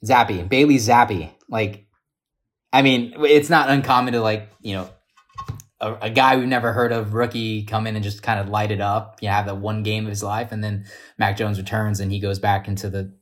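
A man on a casual fantasy football podcast, animated as he retells a conversation. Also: on the low side, moderate pace. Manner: animated storytelling.

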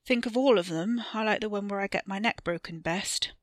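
A woman voicing a bitter young man who speaks slowly and forcefully, sneering and swearing in anger. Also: mid-range voice, no echo, studio quality, close to an everyday voice. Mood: sullen.

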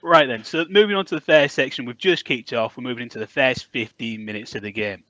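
A man's voice: mid-range voice, quick pace, bright, forceful tone, dry recording. A man with a Hull accent hosting a football podcast, chatty and matey as he bants with his guests. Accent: Hull, Yorkshire. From Hull, England. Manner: matey, laughs easily, banters. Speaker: podcast host.

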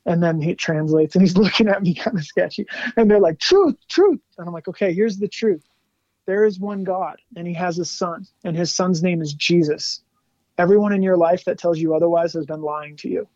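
A man guesting on an interview show, telling animated stories in a casual chat, laughing often and saying "like" a lot. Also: high-pitched, brisk, dry recording, highs cut off. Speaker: guest musician.

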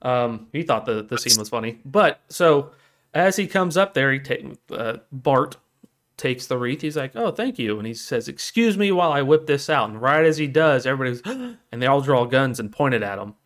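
A man co-hosting a casual podcast, retelling a film scene with lively energy and leaping into high voices for the characters he quotes. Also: normal speed. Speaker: podcast co-host. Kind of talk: casual chat.

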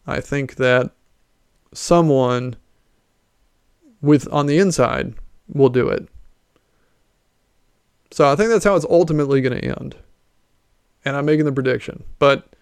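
Guy rambling on his own show, lots of uh and you know, smooth voice, dry close mic. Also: medium pitch, no echo. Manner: rambling, with many fillers and restarts. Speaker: podcast host. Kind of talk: casual solo commentary.

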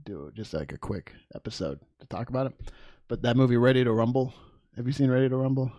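A man co-hosting a podcast in casual chat, teasing and giggly, retelling movie scenes with lively energy. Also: mid-range voice, quick pace, no echo. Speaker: podcast co-host.

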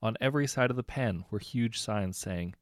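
A man reading short anecdotes aloud in a relaxed, conversational way, correcting himself now and then. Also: on the low side, moderate pace, dry recording, studio quality. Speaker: story narrator.

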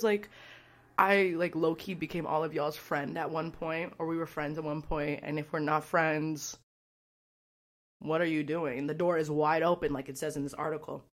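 A woman talks through a casual podcast monologue in a slightly low voice. She is candid and outspoken and rambles from thought to thought. She fills her sentences with "like" as she goes. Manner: candid, rambling, heavy use of "like"; blunt and outspoken. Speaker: podcast host.

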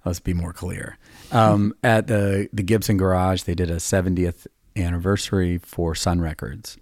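A man's voice: low voice, flat delivery, normal speed, darkish tone, no room sound, clean studio sound. A man in his fifties, a songwriter hosting a podcast, telling long rambling stories in a casual, self-deprecating way. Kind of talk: casual storytelling chat.

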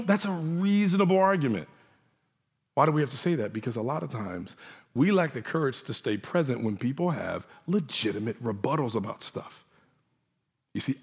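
A man's voice: a little high, slightly rough. A man preaching a sermon in a conversational way, acting out the voices of the people he quotes. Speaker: pastor.

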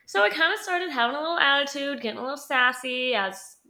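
A woman's voice: sits high, expressive, fast talker, pushed and bright. Sassy chatty young woman podcaster. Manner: chatty, sassy, laughs often, many "like" fillers. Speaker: podcast co-host. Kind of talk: casual storytelling chat.

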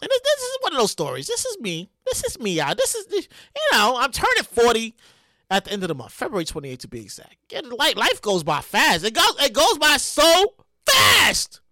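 A man in his late thirties hosting a casual solo talk show, animated, with loud outbursts and plenty of laughing. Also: very high-pitched, moderate pace, no room sound. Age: 30s. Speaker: podcast host.

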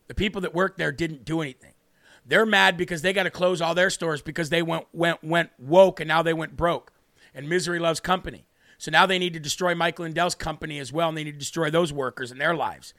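Heated, ranting American talk-show host. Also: male voice, a little high, bright, forceful tone, no echo, clean studio sound. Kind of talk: fiery political talk show.

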